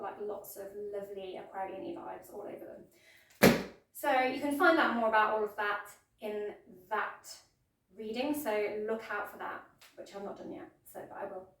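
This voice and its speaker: A chatty woman leads a relaxed yoga class, rambling a little and filling pauses with ums. Her voice sits at a middle pitch. It sounds strongly echoey, picked up from well back in a bare room. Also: far from the mic. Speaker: yoga teacher. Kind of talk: casual yoga class intro and instruction.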